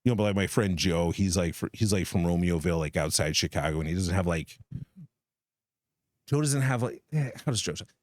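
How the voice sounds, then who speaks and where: A man's voice: low-pitched, brisk, dry recording. A man co-hosting a live stream, chatting in a rambling, playful way. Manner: rambling, playful, musing aloud. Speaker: stream co-host. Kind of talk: casual chat.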